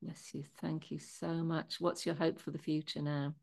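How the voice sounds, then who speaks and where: A woman's voice: low voice, flat delivery, normal speed, vocal fry. A woman hosting a podcast interview, affirming and encouraging her guest. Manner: warm, affirming, lots of agreeing. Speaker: podcast host. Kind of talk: interview conversation.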